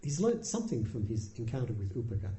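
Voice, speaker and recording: A man giving a Buddhist dharma talk, telling the story in a relaxed, conversational way with dry humour. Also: mid-range voice, fast talker. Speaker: dharma teacher. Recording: roomy echo.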